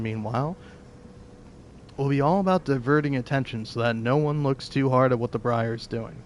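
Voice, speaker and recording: A man voicing a nervous, weary spacefaring planner from a video game, using his own voice pitched slightly higher. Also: a little hiss or hum, close to an everyday voice. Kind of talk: reading game dialogue aloud.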